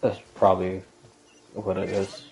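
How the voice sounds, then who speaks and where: A man's voice: low voice, completely flat delivery, measured pace, gravelly, darkish tone, slight background noise, low-quality recording. A man casually talking through a theory in a rambling, hesitant way, with lots of filler words and restarts. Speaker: gaming lore commentator. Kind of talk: casual explanatory monologue.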